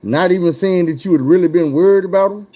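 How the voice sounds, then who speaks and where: A man's voice: high voice, quick pace, dark tone. A man telling a wild personal story in casual, profane chat, his voice jumping up when he gets worked up.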